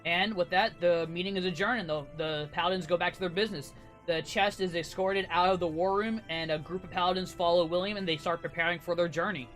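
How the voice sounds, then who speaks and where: Higher-voiced man narrating a tabletop game. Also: steady tone, quick pace, a bit bright, faint music behind. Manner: casual narration with filler words. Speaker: dungeon master.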